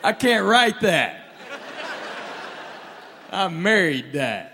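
Animated man doing stand-up. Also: sits high, very slow. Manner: animated storyteller, acts out relatives' lines. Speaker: stand-up comedian. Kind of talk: stand-up routine. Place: live stage in a large hall. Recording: reverberant live hall, faint room noise.

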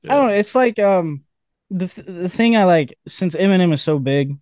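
A man's voice: sits high, expressive, normal speed, a little mellow, dry recording, studio quality. A young man, a rapper, chatting casually in an interview, rambling with many fillers and laughing easily. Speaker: rapper guest.

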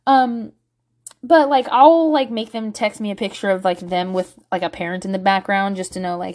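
A woman's voice: medium pitch, fairly even intonation, moderate pace, darkish tone. A middle-aged woman talking candidly to camera about parenting, blunt and profane, with lots of filler words. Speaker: parent vlogger. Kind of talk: candid casual monologue.

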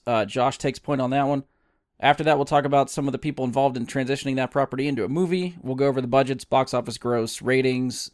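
A man hosting a podcast in a relaxed, conversational way, laying out the episode plan with the odd "uh" between points. His voice sits at an ordinary middle pitch. The recording is close and dry, with no room sound. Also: dry recording. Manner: relaxed, reads through the show format with small fillers. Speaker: podcast host. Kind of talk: casual podcast introduction.

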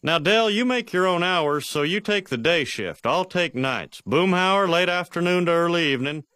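A man's voice: a little high, expressive, normal speed, pushed and bright, no echo. An actor playing a stern, practical middle-aged cartoon father who speaks firmly and matter-of-factly. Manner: firm and matter-of-fact.

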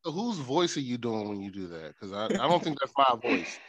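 A man's voice: mid-range voice, very animated, a bit bright. A father co-hosting a podcast, joking and defending himself in casual chat. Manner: joking, defensive, quick bursts.

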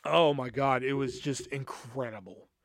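A young man hosting a podcast, telling a rambling, profane story with lots of fillers and animated energy. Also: medium pitch, unhurried, dry recording, clean studio sound. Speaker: podcast host. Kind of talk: casual storytelling.

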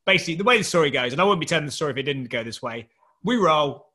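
A man's voice: on the high side, very fast. A man, a startup founder, telling a long anecdote in casual chat, laughing often and doing voices for the people in it. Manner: animated storyteller who laughs often and does voices.

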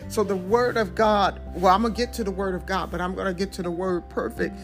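A woman's voice: medium pitch, steady tone, fairly quick, soft background music. A woman preacher delivering a sermon in a fervent, emphatic way, repeating key phrases. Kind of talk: sermon with sung worship opening.

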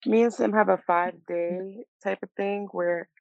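A woman's voice: mid-range voice, steady tone, normal speed, creaky, a little mellow, dull audio, slight background noise. A woman co-hosting a podcast who speaks in a teasing, blunt way. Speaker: podcast co-host.

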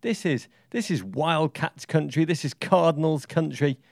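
A man with a gravelly, creaky edge to his voice, chatting as a podcast co-host. He tells stories in a rambling, excitable way. The sound is close and dry, with no room around it. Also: on the high side, a little slow, no echo. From England. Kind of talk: casual chat.

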